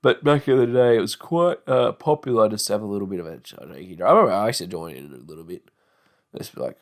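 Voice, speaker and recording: Australian man, 20s, low voice; loose, profane solo podcast host. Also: animated, quick pace. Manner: rambling, swears freely, mocking put-on voices. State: sore tongue and jaw. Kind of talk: casual podcast monologue.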